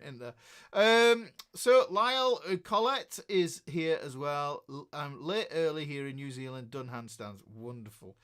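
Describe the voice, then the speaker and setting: A man's voice: fairly high pitch, fairly bright tone. Chatty Northern English man in his fifties. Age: 50s. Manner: chatty and rambling, with many restarts and chuckles. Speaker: guitar teacher hosting a live stream. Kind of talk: casual live-stream chat reading out comments.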